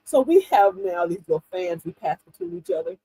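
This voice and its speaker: A woman in her fifties hosting a livestream, telling funny stories in an animated, laughing way to her viewers. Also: lowish voice, fairly quick, breathy edge, no room sound, poor audio. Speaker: livestream host. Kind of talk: casual chat to viewers.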